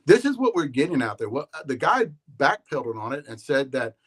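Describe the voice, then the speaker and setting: Man, podcast host, mid-pitch voice, loose rambling monologue, animated and full of restarts. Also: fairly quick, slightly rough. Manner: animated, storytelling, frequent restarts and laughs.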